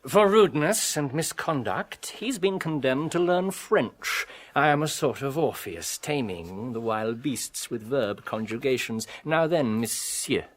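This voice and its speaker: A man's voice: mid-range voice, expressive, a little slow, hardly any pauses. An actor playing a pompous, domineering male household tyrant in a radio drama, sanctimonious and theatrical. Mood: grandiose. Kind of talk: 1980s radio drama acting.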